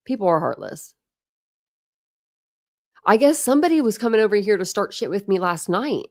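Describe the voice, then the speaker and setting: A woman in her thirties chatting casually with viewers on a livestream from home, frank and quick to laugh, thanking commenters by name. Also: medium pitch, no echo, clean studio sound. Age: 30s. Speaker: livestream host. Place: home, indoors.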